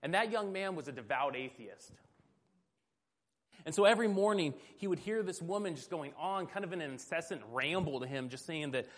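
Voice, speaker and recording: A male preacher with a fairly high voice, delivering a sermon in a relaxed, talky way. He leans on storytelling and pokes gentle fun at himself. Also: normal speed. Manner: conversational, self-deprecating humor, storytelling.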